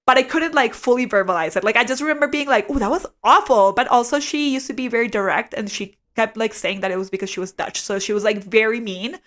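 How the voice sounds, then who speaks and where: Animated, swearing young woman storyteller. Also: a little high, quick pace, few pauses. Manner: animated, swears freely, says "like" a lot. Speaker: podcast co-host. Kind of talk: casual storytelling chat.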